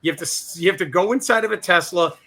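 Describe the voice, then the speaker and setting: A man co-hosting a comedy politics podcast, swearing freely in loose, animated banter. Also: high-pitched, fast talker. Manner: animated, swears a lot, mimics quoted people. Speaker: podcast co-host.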